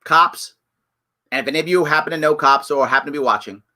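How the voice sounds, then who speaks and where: A man's voice: on the high side, fast talker, bright, forceful tone. A middle-aged man hosting a live show, giving emphatic, repetitive commentary that pleads and scolds by turns. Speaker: host.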